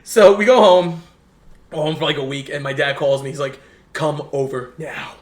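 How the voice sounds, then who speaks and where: A young man in casual chat, telling a long story in an animated way and acting out what others said. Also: on the high side. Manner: animated, fast storyteller who acts out quotes. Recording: roomy echo.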